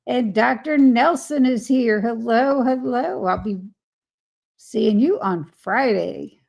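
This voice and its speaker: A woman hosts a relaxed live chat, greeting each viewer by name and reading their comments aloud. Her voice sits a little high with a gravelly, creaky edge. She talks at an unhurried, slow pace. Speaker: live stream host.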